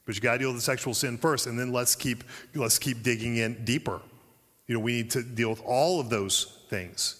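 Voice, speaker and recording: A pastor preaching a sermon, lively, acting out the voices he quotes. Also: mid-range voice, big-room sound. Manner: animated, acts out quoted voices.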